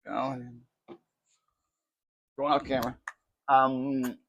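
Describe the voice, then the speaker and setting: A man chatting through a casual cooking demo in his home kitchen, excitable and poking fun at himself. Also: mid-range voice, takes it slowly, long pauses. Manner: chatty, excitable, self-mocking. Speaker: cooking vlogger.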